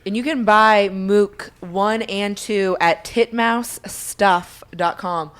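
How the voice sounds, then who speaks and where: A woman's voice: medium pitch, steady tone, takes it slowly, smooth. A woman hosting a casual podcast chat, bawdy and teasing. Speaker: podcast host.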